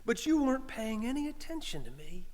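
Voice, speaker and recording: A steady, friendly counterman pleads in an earnest, raised voice, pitched well above the speaker's usual and noticeably high for a man, as a preacher puts him on. The sound rings with long church reverb. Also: brisk. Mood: urgent.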